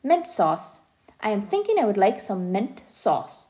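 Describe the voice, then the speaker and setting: A woman reading aloud, voicing a tired, frail elderly grandfather who talks slowly and haltingly. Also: mid-range voice, big pitch swings, warm tone. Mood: stubborn. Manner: weary, slow, halting.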